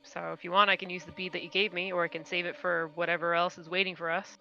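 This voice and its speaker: Woman, tabletop player, casual chat, slightly low voice, quick and chatty. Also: flat delivery, bright, forceful tone, muffled recording.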